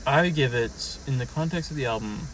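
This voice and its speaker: Young male podcast co-host, mid-pitched, dry jokey delivery, mic set back with faint noise. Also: a little fast, a bit bright, recorded from a distance, low-quality recording. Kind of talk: casual chat reviewing album songs.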